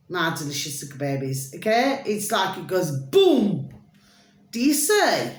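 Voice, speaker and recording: A woman's voice: lowish voice, sing-song, a little slow, echoey room. A British woman vlogging in a rambling, chatty monologue, full of pet phrases and sing-song asides. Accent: British English. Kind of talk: rambling casual monologue to camera.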